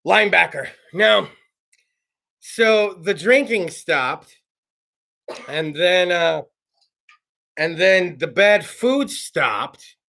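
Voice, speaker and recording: Brash, foul-mouthed man with a gravelly voice. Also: a little high, bright, forceful tone. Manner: brash, swears constantly, laughs at own jokes. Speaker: host. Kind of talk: casual profane monologue.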